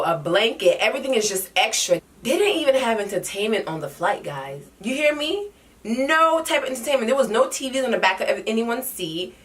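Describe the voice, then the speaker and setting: A woman's voice: mid-range voice, fairly bright tone, distant mic, slight background noise. A young woman telling a travel story in a sassy, dramatic, slangy way. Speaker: vlogger. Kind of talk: casual storytime vlog.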